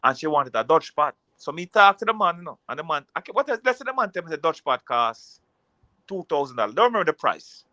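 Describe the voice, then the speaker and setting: Bright-toned man telling jokey stories. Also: on the high side, very animated, fast talker, dry recording. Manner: jokey storyteller, patois-laced. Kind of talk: casual chat.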